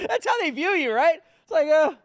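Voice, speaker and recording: A man's voice: extremely high pitch, dry recording. A man hosting a political commentary show, talking in a sarcastic, mocking way. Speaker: host.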